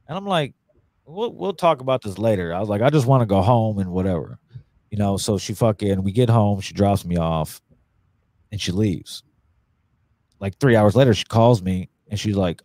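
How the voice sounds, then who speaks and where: A man's voice: on the low side, expressive, normal speed, darkish tone, dry recording. A man casually telling a long crude story, full of swearing and voiced quotes.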